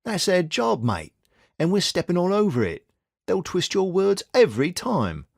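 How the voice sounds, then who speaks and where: The detective, a steady and shrewd young man giving blunt advice, is performed as a full character voice by a male narrator at normal speed. His delivery is creaky and husky, wry yet reassuring, with a lively rising and falling pitch, recorded close and dry without echo.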